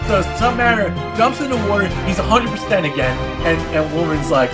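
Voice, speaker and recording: A man with a fairly high voice rambles through a comic book retelling, full of slang and curse words. Music plays clearly in the background. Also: animated, quick pace, few pauses. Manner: rambling and profane, heavy use of filler phrases and slang.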